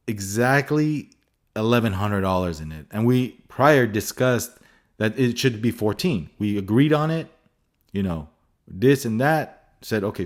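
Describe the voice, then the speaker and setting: A man hosting a photography vlog, telling stories casually and animatedly with exasperation and restarts. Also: fairly low pitch. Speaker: photography channel host.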